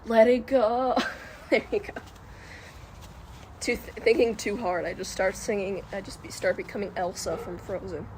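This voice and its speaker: A woman's voice: medium pitch, moderate pace, pauses often. A woman hosting a casual livestream, chatting to viewers in a giggly, rambling way. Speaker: livestream host. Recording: noisy livestream audio with outdoor noise. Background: wind and passing cars.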